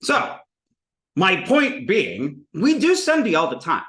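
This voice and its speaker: Animated, bright-voiced male lecturer. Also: on the high side, normal speed, echoey room. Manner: lively, digressive, acts out voices in examples. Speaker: Sanskrit lecturer. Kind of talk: informal classroom lecture. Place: classroom with students.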